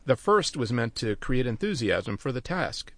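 A man's voice: medium pitch, very animated, normal speed, a bit bright, dry recording. An older man telling a personal story on the radio, with a wry, dry humor.

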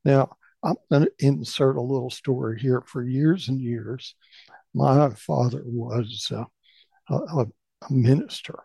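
A man's voice: medium pitch, measured pace, gravelly, dark tone, husky, dry recording. A middle-aged man telling a humorous personal story and acting out the voices in it. He also serves as a part-time host of the show. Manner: playful, acts out voices in his tale.

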